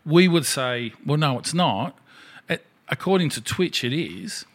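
A man's voice: fairly high pitch, lively intonation, unhurried. Blunt man, swearing casually. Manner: blunt, swears freely, laughs at himself. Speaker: podcast host. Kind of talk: casual chat.

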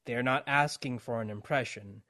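A man's voice: medium pitch, moderate pace, bright, forceful tone. A man hosting a podcast in a casual, chatty way, explaining things for listeners. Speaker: podcast host.

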